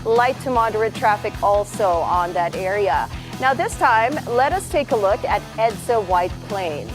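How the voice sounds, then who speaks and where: A woman co-hosting a morning TV show, upbeat and energetic, also reading a traffic report. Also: mid-range voice, moderate pace, music in the background. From Philippines. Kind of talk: lively studio banter and traffic report.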